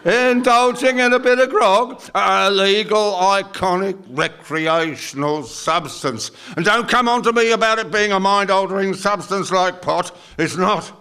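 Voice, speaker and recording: A man's voice: sits high, measured pace, hardly any pauses, clean tone, exaggerated voice. An older man with an Australian accent playing a belligerent, drunk male larrikin in his seventies, heckling crudely in a performance poem. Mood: mocking. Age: 70s. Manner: slurred, abusive, shouty heckling. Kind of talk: performance poetry monologue.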